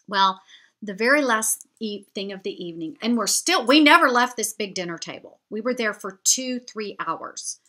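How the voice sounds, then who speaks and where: A woman talks straight to her viewers, telling a story in a chatty, heartfelt way. Her voice is bright and forward, with a pitch in the middle range for a woman. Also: expressive, normal speed. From United States. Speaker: vlogger. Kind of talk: storytelling to camera.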